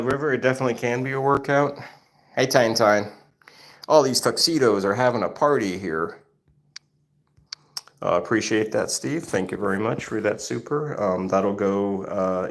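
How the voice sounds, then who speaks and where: A man's voice: medium pitch, vocal fry. A man hosting a casual livestream, explaining things in a rambling way full of fillers and restarts. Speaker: cat channel host.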